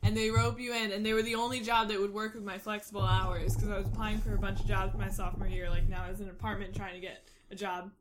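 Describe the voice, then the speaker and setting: A young woman in casual chat, telling lively stories, laughing often and acting out quotes. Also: mid-range voice, quick pace, few pauses, very noisy. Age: young adult. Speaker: podcast co-host, actor.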